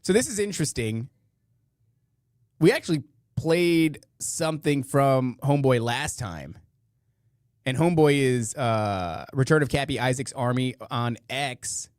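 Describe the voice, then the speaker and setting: A man's voice: medium pitch, animated, unhurried, no room sound, clean studio sound. A man hosting a podcast, reacting to clips with sarcastic, rambling commentary. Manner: sarcastic, mocking, rambling asides. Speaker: podcast host. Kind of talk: casual commentary over clips.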